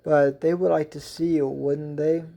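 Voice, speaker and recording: Here a kind, wealthy teen schoolgirl speaks, read by a man narrating a fan story. Her lines come slow, calm and gently firm, in a dark, gravelly tone that barely moves in pitch.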